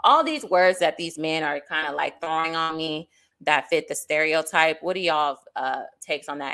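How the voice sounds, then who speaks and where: A woman's voice: deep voice, normal speed, a bit bright. A woman hosting a casual panel chat, putting direct questions to her guests. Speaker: host.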